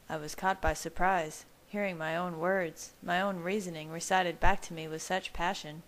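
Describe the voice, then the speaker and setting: A woman reading a first-person romance story aloud in a steady, intimate manner. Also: lowish voice, moderate pace, hardly any pauses, low-quality recording. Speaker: fan fiction reader. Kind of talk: audiobook narration.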